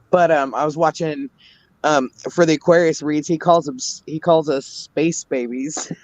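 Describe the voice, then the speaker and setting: A man's voice: fairly high pitch, fairly even intonation, slow, long pauses, darkish tone, low-quality recording. A man in his forties chatting casually about astrology and tarot, rambling and joking, laughing often. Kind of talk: casual chat.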